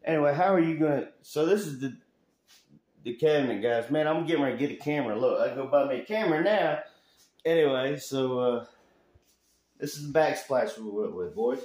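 A man from Alabama rambles through a casual work vlog, folksy and loose, now and then breaking into a loud rant. His voice sits at an ordinary middle pitch, and it rings off the bare walls of an echoey room in a house still being renovated. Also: expressive, brisk. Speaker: handyman vlogger. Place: house under renovation, indoors.

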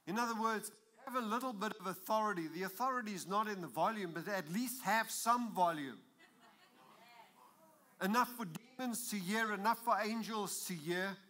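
A man preaching a sermon in a church, emphatic and building to loud exclamations. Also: sits high.

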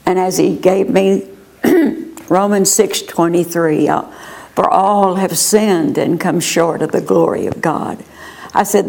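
An older woman sharing a personal testimony as an interview guest, earnest and unhurried. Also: lowish voice, steady tone, creaky, a little mellow. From United States. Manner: slow, earnest storytelling.

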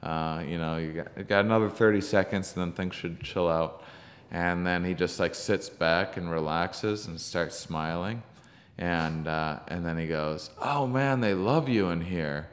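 A comedian being interviewed, telling a story in a halting, searching way with many ums and restarts. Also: male voice, low-pitched, fairly even intonation. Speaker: podcast guest, comedian. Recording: long reverb from the room.

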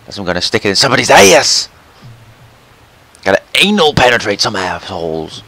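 Loud cursing young gamer man. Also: lowish voice, very animated, moderate pace. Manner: loud, profane, yelling at the game. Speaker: gameplay commentator. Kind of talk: let's play commentary.

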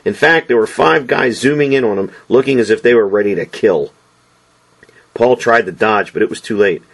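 Low-voiced man narrating an audiobook. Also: moderate pace, slightly rough. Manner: expressive, dramatic delivery.

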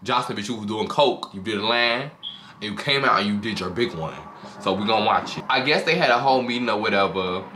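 Fast-talking man, profane gossipy host. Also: on the low side, expressive. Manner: profane, gossipy, dramatic storytelling. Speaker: channel host recapping a reality show. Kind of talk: casual reaction commentary. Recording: noticeable background noise.

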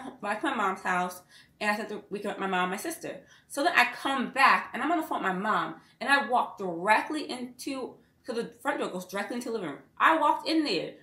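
A woman in her twenties telling a casual storytime vlog, animated and sassy as she retells a feud. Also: mid-range voice. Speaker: vlogger. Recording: roomy echo.

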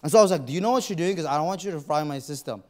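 A man's voice: fairly high pitch, lively intonation, very fast, darkish tone. A man preaching a sermon in a church, telling a personal story and acting out his own inner voice. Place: church auditorium.

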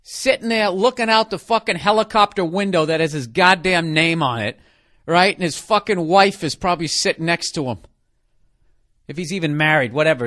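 A man's voice: fairly high pitch, fairly bright tone. A man hosting a comedy podcast, ranting in a profane, sarcastic monologue. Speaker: podcast host.

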